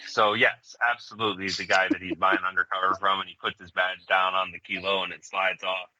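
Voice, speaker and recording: A man's voice: deep voice, little pitch movement, brisk, bright, forceful tone, no echo, poor audio. A man in his forties chatting casually as a podcast co-host, blunt and profane, rambling from point to point. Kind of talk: casual chat.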